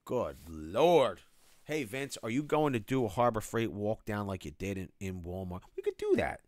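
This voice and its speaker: A man hosting a casual construction livestream, reading viewer comments and names aloud with lively shout-outs. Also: fairly low pitch, moderate pace, no echo. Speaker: livestream host.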